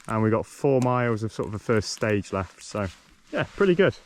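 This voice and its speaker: On the low side and very animated, this man talks at normal speed while vlogging his long-distance trail walk. His easygoing chat has plenty of ums and restarts, and slight background noise can be heard.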